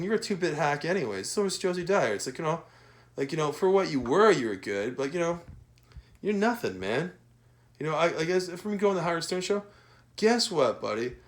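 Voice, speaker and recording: A man delivering a rambling, profane rant monologue, combative and repetitive, tagging sentences with "right?" and "man" and often trailing off or restarting. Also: mid-range voice.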